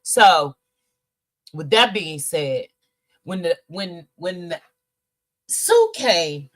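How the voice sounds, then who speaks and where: A woman's voice: on the low side, expressive, drawn-out words, fairly bright tone. A middle-aged woman hosting a podcast, chatting casually with viewers in a candid, emotional way, swearing freely and sounding teary. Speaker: podcast host. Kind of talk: casual livestream chat, reading viewer comments.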